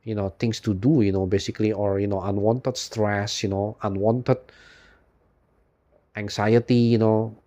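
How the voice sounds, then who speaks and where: Man, low mellow voice, despondent rambling monologue, filler-heavy, cursing. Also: fairly even intonation, a little slow. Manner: rambling, constant "you know" fillers, frequent swearing; weary, despondent and emotional. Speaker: YouTube channel host. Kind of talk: unscripted personal monologue.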